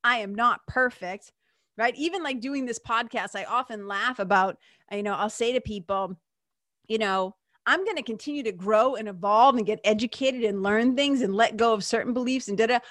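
A woman's voice: a little high, fairly quick, no room sound, studio quality. A woman hosting a podcast as a spiritual teacher, talking earnestly and conversationally with many fillers and asides, and swearing now and then. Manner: frank, with occasional swearing. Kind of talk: reflective monologue.

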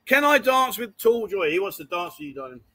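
A man's voice: high voice, very animated, a little fast, sharp tone. A man hosting a casual live stream from a bar, joking and teasing his guests and laughing often.

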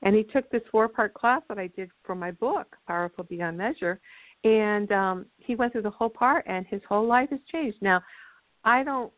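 A woman speaker explains things earnestly in a teaching manner, stopping now and then to tell a story. Her voice sits at a middle pitch, and the phone-like line makes it sound tinny and dry. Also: normal speed, no echo. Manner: earnest, teaching, acts out quotes. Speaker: guest speaker.

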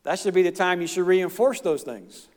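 A man's voice: high voice, moderate pace, a little mellow, in a large hall. A middle-aged male pastor preaching a sermon in a folksy, plain-spoken way, with asides and chuckles. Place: church.

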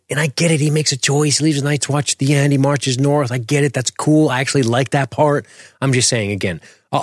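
A man's voice: medium pitch, no room sound, studio quality. A man co-hosting a casual TV recap show, opinionated and profane, reading chat comments aloud. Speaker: podcast co-host.

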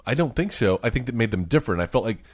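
A man's voice: mid-range voice, sing-song, quick pace, crowd noise. A man co-hosting a podcast, giving wry, critical opinions on a movie in casual chat, swearing now and then. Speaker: podcast co-host.

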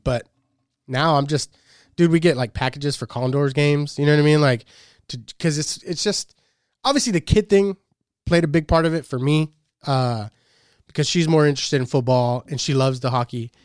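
A man's voice: a little high, normal speed, dry recording. Laid-back swearing man, dry sound. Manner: laid-back, swears a lot, laughs often. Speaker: podcast co-host. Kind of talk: casual chat.

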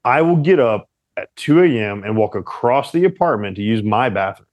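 A young man co-hosting a casual relationship chat with his partner, teasing and animated as he tells stories. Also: medium pitch, moderate pace, dry recording, muffled recording. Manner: playful, teasing, animated storyteller. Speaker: podcast co-host.

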